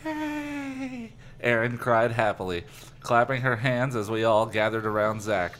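A man's voice: fairly low pitch, fairly even intonation, normal speed, a bit bright, a little hiss or hum. A man co-hosting a podcast, reading a book aloud in a jokey, matter-of-fact way. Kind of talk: casual read-aloud.

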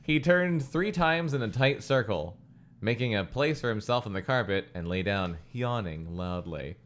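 A man's voice: lowish voice, lively intonation, moderate pace. A man hosting a podcast, reading a children's horror book aloud with hammy, melodramatic voices for the quoted lines.

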